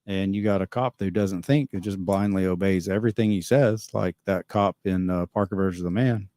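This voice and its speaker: Rambling opinionated man with a dark voice. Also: deep voice, fairly even intonation, moderate pace, dry recording. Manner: rambling, opinionated, chuckles often. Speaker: livestream host reading chat. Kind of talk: casual livestream chat.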